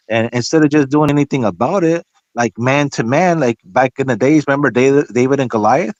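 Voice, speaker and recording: A man spins a casual story in a middle-pitched voice, swearing freely and acting out each exchange he quotes. The sound is dry and close, with no room echo. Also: a little fast. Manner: profane, animated, acts out quoted dialogue.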